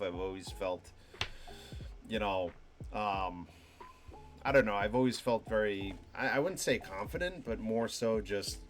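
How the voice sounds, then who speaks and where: A young man hosting a live stream, talking in a halting, reflective way with many restarts and fillers. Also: on the low side. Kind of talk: rambling reflective monologue to chat.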